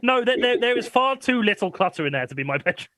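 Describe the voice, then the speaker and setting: A man's voice: very high-pitched, very animated, a bit bright, dry recording. A man hosting a live comedy panel game over a video call, laughing often and stammering as he talks. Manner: giggly, stammering, quick laughter. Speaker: game show host.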